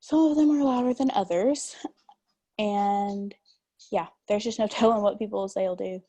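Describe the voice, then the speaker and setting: A woman's voice: mid-range voice, moderate pace, dark tone. A young woman with an East Tennessee country accent, speaking candidly as a panelist in an online discussion and telling stories. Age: young adult. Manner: candid and storytelling. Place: video call.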